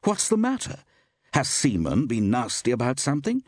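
A man reading aloud, voicing a young wife who asks quick, eager questions. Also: deep voice, wildly swooping pitch, vocal fry, darkish tone, breathy edge, no room sound, studio quality, heavily acted.

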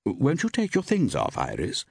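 A man reading aloud, voicing a young wife who asks quick, eager questions. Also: medium pitch, huge pitch swings, gravelly, a little mellow, slightly rough, no room sound, voice pushed up, heavily acted.

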